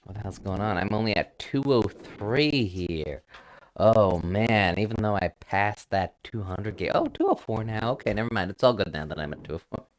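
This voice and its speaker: A man's voice: on the low side, lively intonation, moderate pace, slight background noise. A man chatting casually on a live stream through a headset mic, rambling, swearing offhandedly and poking fun at himself.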